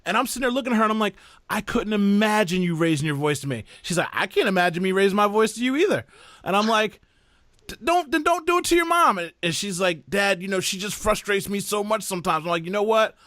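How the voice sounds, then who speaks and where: This man speaks fast in a high-pitched voice, captured with clean studio sound and no room sound. He's a podcast host and a dad, casually telling family stories and bringing them to life by acting out other people's voices.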